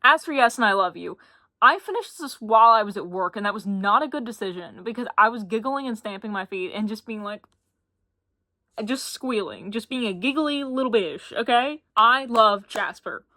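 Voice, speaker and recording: A woman's voice: a little high, expressive, moderate pace, bright, forceful tone, dry recording, studio quality. A young woman from Appalachia, chatting casually and gushing about books in a reading vlog. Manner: chatty, gushing and self-deprecating. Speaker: book vlogger. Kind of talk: casual chat.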